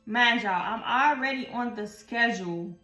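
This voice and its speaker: A young woman, telling a slangy, animated storytime in a casual vlog. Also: fairly high pitch, measured pace. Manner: animated, slangy storytelling, voices others in quotes. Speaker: vlogger. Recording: echoey room with faint music.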